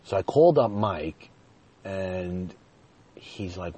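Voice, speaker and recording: A man with a low, husky, mellow voice tells a personal story straight to his viewers. His delivery is chatty and casual, with a chuckle slipping in here and there. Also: expressive, unhurried. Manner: chatty, addresses viewers directly, chuckles while telling.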